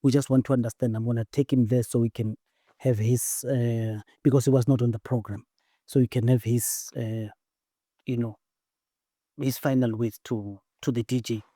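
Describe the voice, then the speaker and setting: A man's voice: mid-range voice, fairly even intonation, normal speed, dark tone, no echo, clean studio sound. A South African man hosting a podcast interview, chatty and easygoing with plenty of fillers. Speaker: podcast host. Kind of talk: casual interview chat.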